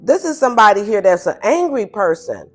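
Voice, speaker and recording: A woman giving a casual tarot reading, animated and blunt, who laughs often and acts out the listener's replies in playful higher tones. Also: a little fast. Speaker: tarot reader. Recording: faint music behind.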